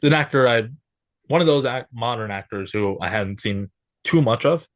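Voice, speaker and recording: A man appearing as a guest on a movie podcast, speaking in a halting way and restarting his sentences often. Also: medium pitch, lively intonation, no echo, clean studio sound. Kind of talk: casual movie chat.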